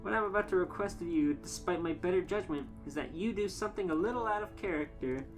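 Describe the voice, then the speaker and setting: A woman voicing a bossy, weary wife in a comic fan-fiction reading, measured and dry. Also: lowish voice, faint music behind, natural voice. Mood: stern. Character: stern wife of a sick man, weary, bossy.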